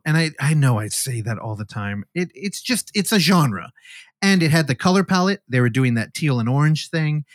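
A man's voice: fairly high pitch, no room sound, studio quality. A man co-hosting a casual podcast, rambling and joking as he retells a film and acts out the characters' lines. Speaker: podcast co-host.

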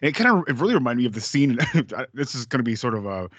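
A man's voice: medium pitch, very animated, quick pace, slightly rough, no room sound. A man co-hosting a film podcast, telling stories and acting out lines in casual chat. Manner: storytelling, acts out quoted lines. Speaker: podcast co-host. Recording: dull dry lo-fi mic.

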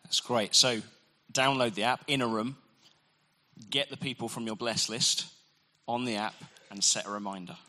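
A male interviewer moves a stage conversation along with brisk, prompting questions. His voice is bright and crisp. It sits in the middle range for a man. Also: mid-range voice, fairly even intonation.

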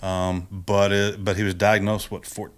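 A man co-hosting a podcast in relaxed chat, laughing easily. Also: fairly low pitch, unhurried. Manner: laid-back and chatty, laughs easily. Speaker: podcast co-host. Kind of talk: casual chat.

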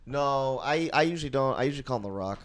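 A man's voice: medium pitch, expressive, fast talker. A man in casual podcast talk, hesitant with stammering restarts.

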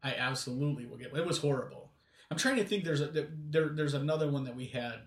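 A man's voice: mid-range voice, fast talker, distant mic. A man co-hosting a casual podcast chat, rambling with lots of fillers and restarts. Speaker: podcast co-host. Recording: roomy, from off-mic.

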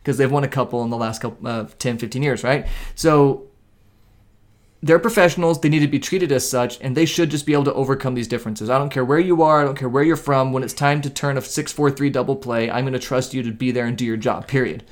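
A man in his thirties co-hosting a casual talk show, explaining things in an earnest, steady way. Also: medium pitch, fast. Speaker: co-host. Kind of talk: casual podcast chat.

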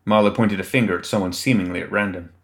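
A man with a fairly low voice tells a dark fantasy tale in a steady, measured way. His narration sounds scripted and evenly paced.

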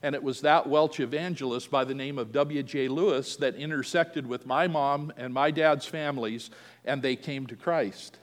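A man's voice: mid-range voice, fairly even intonation, normal speed, in a large hall. A man preaching a sermon, telling a family story and acting out the quoted voices. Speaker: pastor.

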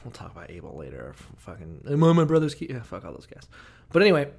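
A man co-hosting a podcast, casually retelling Bible stories with heavy swearing and quick acted-out voices for the characters. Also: mid-range voice, gravelly. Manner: profane, animated, acts out characters in quick bursts. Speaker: podcast co-host.

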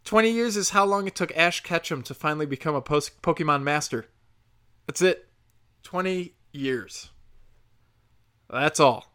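A speaker in a profane comedic rant, sarcastic, swinging loud and high then low and muttered. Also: a little fast, few pauses. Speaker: solo commentator.

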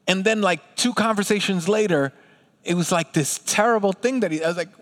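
A pastor preaching a sermon to his congregation, talking in an animated, conversational way and acting out little asides. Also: high-pitched, a little fast, long reverb tail.

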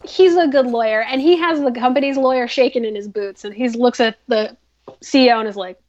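A woman's voice: fairly high pitch, brisk, a little mellow, dull audio. A woman hosting a podcast, recapping a drama in a chatty, filler-heavy way. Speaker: podcast host. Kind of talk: casual drama recap chat.

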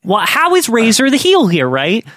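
Animated co-host ranting with lots of "like". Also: medium pitch, moderate pace, dry recording. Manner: exasperated, rambling, heavy use of "like", swearing. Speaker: podcast co-host. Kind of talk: casual chat.

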